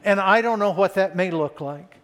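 A man's voice: sits high, moderate pace, a bit bright, soft background music. An older man preaching a sermon to a congregation, earnest and building to fervent emphasis on key lines. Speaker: pastor.

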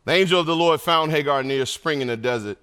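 A middle-aged man preaching a sermon to a congregation, animated and energetic, calling out to the crowd between points. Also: on the high side, quick pace, clean tone. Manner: animated preaching with call-and-response asides. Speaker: pastor.

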